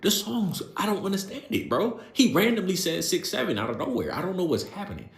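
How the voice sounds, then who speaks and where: A man in his late twenties, a youth coach, telling a story to camera in an animated, exasperated, slangy way. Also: high voice, fairly quick, gravelly. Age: late 20s. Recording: roomy echo.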